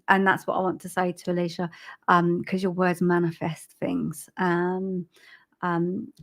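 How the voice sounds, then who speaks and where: A woman giving a live-streamed psychic reading, soft and halting, with frequent ums and repeated phrases. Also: lowish voice. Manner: laughs at herself over tech trouble. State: choked up with emotion. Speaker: psychic medium.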